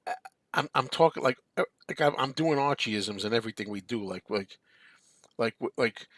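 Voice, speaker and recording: A man's voice: mid-range voice, moderate pace, a bit bright, no room sound. A man hosting a casual live-stream chat, rambling and answering viewer comments. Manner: rambling, chatty, reads viewer comments aloud. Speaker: show host.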